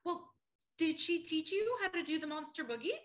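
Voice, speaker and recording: A woman's voice: very high-pitched, expressive, moderate pace. A woman teaching a children's theater class, cheerful and encouraging as she talks to the kids. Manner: cheerful and encouraging, laughing easily.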